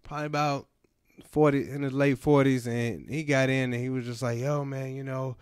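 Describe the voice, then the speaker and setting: A man's voice: mid-range voice, fairly even intonation, fairly quick, clean tone, no room sound, clean studio sound. A man hosting a radio podcast and delivering a comedic monologue in a laid-back storytelling manner, repeating his punchlines. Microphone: studio microphone.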